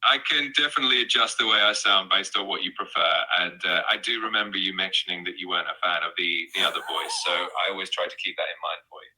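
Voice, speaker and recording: A synthetic male assistant voice speaking in received pronunciation. It sits a touch low in pitch yet has a very bright, sharp edge. It stays smooth and reassuring, always ready to agree. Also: fairly even intonation, quick pace, few pauses, rough recording. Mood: agreeable. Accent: British received pronunciation. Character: upbeat male AI chat assistant. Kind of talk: conversational AI chat.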